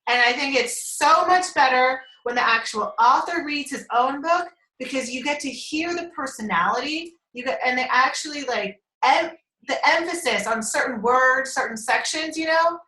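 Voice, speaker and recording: On a group call over a conference line, a woman chats casually in an echoey room, her voice sitting high with a sharp tone at a moderate pace. She's a team member who rambles, laughs a lot, and swears offhandedly.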